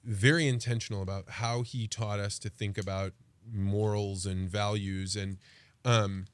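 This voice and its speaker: A man hosting a podcast, speaking reflectively and haltingly, often restarting his sentences. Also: lowish voice, flat delivery, clear, resonant tone, no echo. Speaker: podcast host. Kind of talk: casual interview chat.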